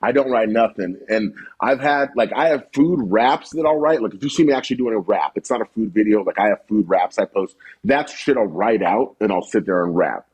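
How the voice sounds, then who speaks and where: A husky, slightly breathy man in his thirties talks casually on a podcast. He tells stories with energy, swears freely and drops into quick impressions of what other people say. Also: lowish voice, poor audio. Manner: animated storyteller, swears freely, quotes people in funny voices. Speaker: podcast guest, cooking content creator.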